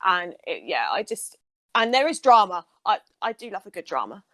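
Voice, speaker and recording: Chatty nurse co-host, eager and rambling, recorded dry. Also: female voice, medium pitch, very animated, normal speed, bright, forceful tone, no room sound. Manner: enthusiastic, rambling. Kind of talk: casual chat.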